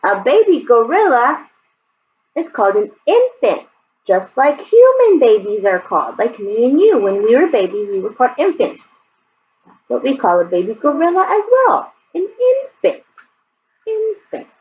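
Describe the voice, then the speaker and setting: High animated woman teaching toddlers. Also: normal speed. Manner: exaggerated, animated, sing-song. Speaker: preschool teacher. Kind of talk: singsong lesson for toddlers. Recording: dull lo-fi sound, faint background noise.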